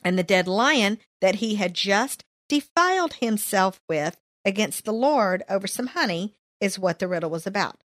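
A woman's voice: medium pitch, lively intonation, normal speed, hardly any pauses, no echo, clean studio sound. A woman leading a casual Bible study, reading verses aloud and adding her own comments. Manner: reads verses then comments, playful asides.

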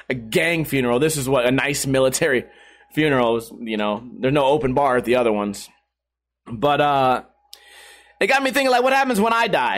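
A man's voice: high-pitched, a bit bright. A man hosting a podcast, telling a story in a casual, profane way and laughing often. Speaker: podcast host.

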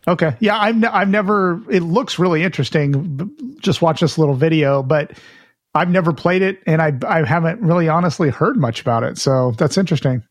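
A man co-hosting a casual retro gaming podcast, chatty and relaxed, reading out listener news with his own asides. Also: fairly high pitch, fairly quick, no echo. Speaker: podcast co-host.

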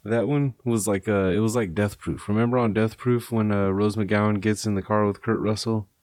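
A laid-back young man hosting a podcast, talking casually with plenty of swearing and laughter. His voice sits low, and the sound is close and dry. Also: fairly even intonation, normal speed, a little mellow, no room sound. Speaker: podcast host.

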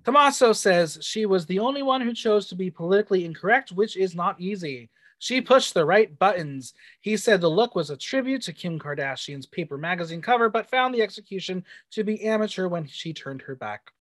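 A man's voice: high voice, expressive, brisk, few pauses, fairly bright tone, dry recording. A man co-hosting a casual podcast, recapping a drag show and reading out the judges' critiques with sass. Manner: reads out judges' critiques, sassy. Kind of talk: casual chat.

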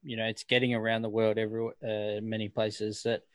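A man's voice: on the low side, little pitch movement, a little fast, no room sound. An Australian man co-hosting a podcast in casual chat, laid-back and hesitant. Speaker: podcast co-host.

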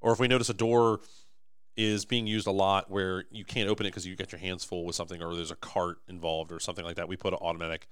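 A young man talks fast and emphatically on a podcast, his voice going a little hoarse. His low voice is clear and smooth. The recording is close and dry. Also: flat delivery, dry recording. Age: young adult. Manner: enthusiastic, emphatic salesman. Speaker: podcast host, manufacturing company owner. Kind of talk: casual podcast chat.

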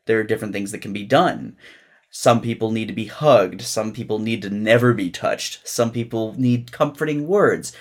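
A young man with a lowish voice co-hosts a casual podcast. He talks candidly and swears freely. He stops and restarts his sentences as he thinks. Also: moderate pace. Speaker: podcast co-host.

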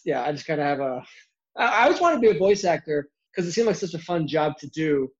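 A young man with a fairly high voice chats casually as an interview guest, rambling quickly with many fillers. The sound is a little dull and lo-fi. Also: sing-song, slightly rough. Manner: quick, chatty, lots of "like" fillers. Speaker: YouTuber guest.

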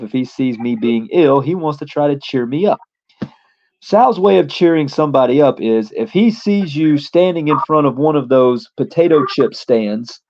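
A man's voice: medium pitch, a little mellow, muffled recording. A man, a pro wrestler appearing as a guest, telling a casual story in a rambling way with lots of fillers.

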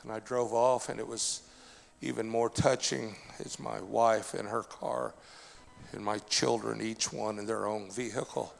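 A man pastor giving a sermon testimony, building from quiet storytelling to shouting, with frequent "uh" fillers. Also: on the low side, level tone, unhurried, gravelly, big-room sound. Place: church.

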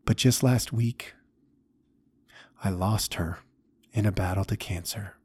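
Gentle old man, soft and halting, husky low voice, slow and reflective, as a storyteller quotes him. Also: exaggerated voice. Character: gentle old man recounting his heartbreaks.

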